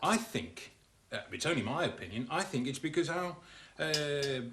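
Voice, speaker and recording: A man's voice: fairly high pitch, animated, moderate pace, background noise. An older man from Jersey, a guest chatting casually about food, hesitating with ums and uhs. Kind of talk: casual chat.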